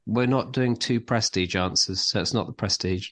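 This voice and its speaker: A man with a somewhat low voice talks in a loose, rambling way on a casual podcast. He poses quiz questions with a playful, teasing edge. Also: normal speed, a bit bright. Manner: chatty, rambling, quizmaster teasing. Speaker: podcast co-host. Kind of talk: casual chat, running a quiz.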